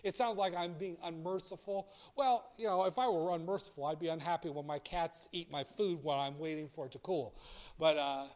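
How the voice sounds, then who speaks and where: A man's voice: a little high, a little fast. A man lecturing on finance in a blunt, theatrical way, acting out little dialogues. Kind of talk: recorded lecture.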